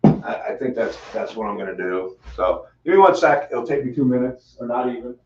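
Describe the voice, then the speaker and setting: A man hosts a home live stream in a loose, rambling way, stumbling over fillers and doubling back on his words. His voice sits at an ordinary middle pitch, and he sounds a little winded. The audio is slightly dull and lo-fi. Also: lively intonation, fairly quick, darkish tone. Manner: rambling, repeats himself, many fillers. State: out of breath. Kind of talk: casual live stream chat.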